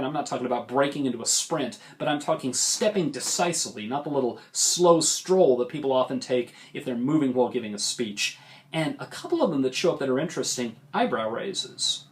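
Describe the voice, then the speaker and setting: Middle-aged male lecturer, public speaking instructor, animated and demonstrative, talking straight to camera. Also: medium pitch. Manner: animated, demonstrates big vocal range and gestures.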